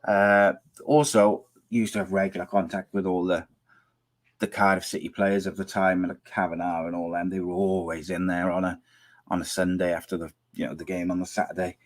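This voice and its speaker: This is a middle-aged man from Wales with a lowish voice that is going hoarse. He talks casually to his live chat, reading out comments and teasing people. His sentences ramble and restart as he goes. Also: flat delivery, a little fast. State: losing his voice. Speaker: podcast host reading viewer comments.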